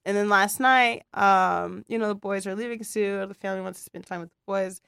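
A young adult woman co-hosting a casual podcast chat, telling an animated story about her son and acting out his lines. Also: medium pitch, brisk, vocal fry, smooth, dry recording, studio quality. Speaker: podcast co-host.

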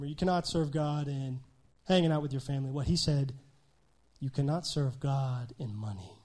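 A man preaching a sermon in a conversational style, often checking in with "right?" and swinging between loud emphasis and quiet asides. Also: a little high. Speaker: pastor.

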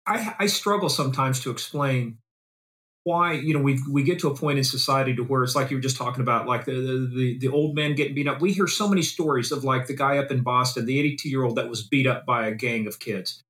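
A man hosting an interview, asking measured, probing questions and often checking with "right?". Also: mid-range voice, a bit bright. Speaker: interview host. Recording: roomy echo.

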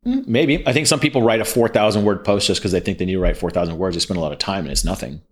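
A man's voice: on the low side, racing. A young man, a copywriter, talking bluntly in casual chat, swearing freely and quoting himself. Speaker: podcast guest, copywriter.

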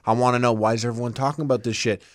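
A man hosting a casual podcast, telling animated stories and acting out quotes. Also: medium pitch, very fast, no echo, clean studio sound. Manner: animated storyteller, acts out quotes. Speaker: podcast host.

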